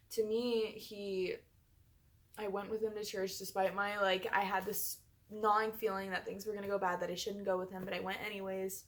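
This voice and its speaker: A woman's voice: medium pitch, level tone, moderate pace, noisy background. A young woman telling a personal story in a chatty vlog, full of fillers. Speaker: vlogger.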